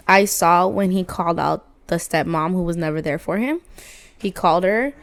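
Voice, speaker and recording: A woman, a podcast guest, retelling a story in animated casual chat and acting out what she said. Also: fairly low pitch, moderate pace, gravelly.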